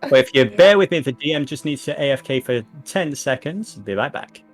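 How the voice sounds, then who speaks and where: A man running a tabletop game as game master, narrating in an unhurried way with many fillers. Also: on the high side, expressive, soft background music.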